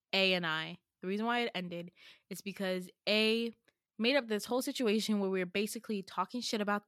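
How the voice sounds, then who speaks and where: A young woman hosting a podcast, telling a story in casual chat, animated and swearing freely as she acts out what people said. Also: medium pitch, no room sound, studio quality. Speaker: podcast host.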